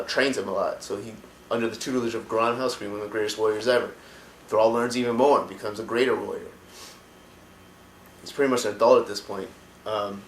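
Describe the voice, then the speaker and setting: A man with a low voice retells a story casually, loose and rambling, with plenty of fillers. He records on a camera mic in a room with noticeable echo and faint background noise. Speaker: lore storyteller.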